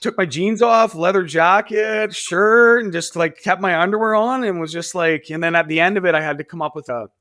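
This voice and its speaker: A man in his thirties, a podcast guest telling stories casually and animatedly, jumping into high voices for quoted people. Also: brisk, hardly any pauses, sharp tone, no room sound, clean studio sound. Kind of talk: casual storytelling.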